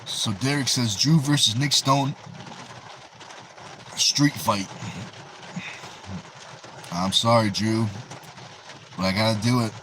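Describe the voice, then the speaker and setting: A man's voice: lowish voice, takes it slowly, long pauses, noisy background. A man with a New England accent hosting a livestream, casually reading viewers' chat messages aloud and answering them. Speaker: livestream host.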